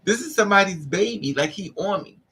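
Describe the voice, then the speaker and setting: A woman vlogger telling a story in a casual, animated way, repeating lines for emphasis and acting out what men said to her. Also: medium pitch, fairly quick, husky, poor audio. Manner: acts out the men's lines in quotes.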